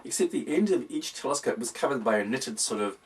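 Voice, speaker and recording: A man's voice: medium pitch, expressive, brisk, slight background noise. A man narrating a whimsical storybook in a wry, playful tone. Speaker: audiobook reader. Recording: voice distant from the mic.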